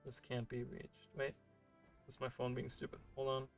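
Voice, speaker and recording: A man's voice: medium pitch, completely flat delivery, moderate pace, vocal fry, soft background music. A man streaming a game and chatting casually, rambling with many fillers and restarts. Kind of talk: casual livestream chat while gaming.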